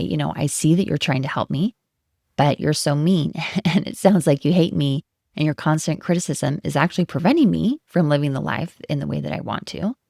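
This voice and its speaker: A woman life coach hosting a solo podcast, talking in a gentle, encouraging, reflective way. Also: low-pitched, gravelly, no room sound, clean studio sound.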